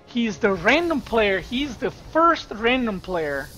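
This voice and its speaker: A woman's voice: a little high, big pitch swings, takes it slowly, a bit bright. A woman streamer giving casual esports commentary, chatting straight to her viewers from a home streaming setup. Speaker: streamer and caster.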